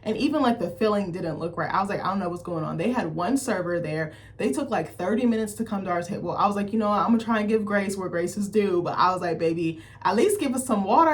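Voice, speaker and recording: A young adult woman telling a rambling, animated story straight to her camera, full of "like" and quoted asides. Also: on the low side. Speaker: vlogger. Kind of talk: casual chat to camera.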